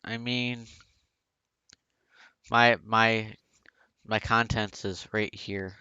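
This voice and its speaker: A man chatting on a live stream who mumbles and trails off quietly. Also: fairly low pitch, level tone, very slow, clean tone, no echo. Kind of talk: casual stream chat. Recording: lo-fi mic.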